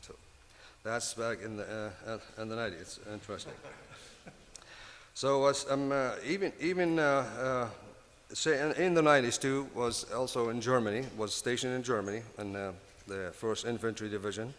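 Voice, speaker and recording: A man in his fifties from Lebanon with a heavy Lebanese Arabic accent. He speaks on a panel in halting bursts with many restarts. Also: mid-range voice, fairly bright tone. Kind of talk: panel talk. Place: convention hall. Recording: reverberant conference hall.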